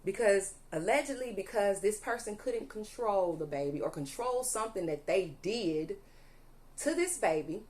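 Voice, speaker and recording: Reading tarot cards to her viewers, a young woman speaks at a moderate pace in a medium-pitched, expressive, slightly mellow voice. She is emphatic and repetitive, frequently checking in with "okay?" and repeating "allegedly," and she sometimes becomes audibly angry.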